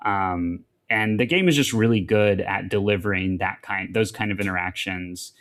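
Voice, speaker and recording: Man chatting on a podcast, lowish voice. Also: moderate pace, background noise. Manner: rambling, many fillers and restarts. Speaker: podcast co-host reviewing a game. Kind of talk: casual podcast chat.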